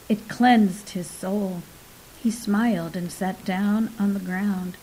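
A woman narrates short fiction with a mellow, warm tone and a steady, unhurried delivery. Her voice sometimes sinks into a soft whisper. A faint hiss sits under the recording. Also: medium pitch, poor audio. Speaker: story reader. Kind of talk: scripted narration of short stories.

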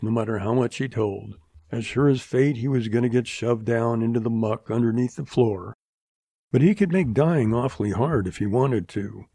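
A man reading a western novel as an audiobook, in steady, measured narration. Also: medium pitch, slightly rough, no echo, clean studio sound.

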